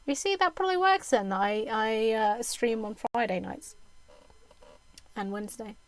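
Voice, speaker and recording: A woman's voice: on the high side, normal speed, a little hiss or hum, poor audio. A young British woman with a mixed, mostly Southern English accent, chatting casually with her stream viewers, with lots of ums and restarts.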